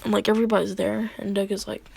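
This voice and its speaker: A woman casually telling a rambling fan story, dropping into whispers and quick voices for the characters. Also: mid-range voice, level tone, vocal fry, warm tone, husky.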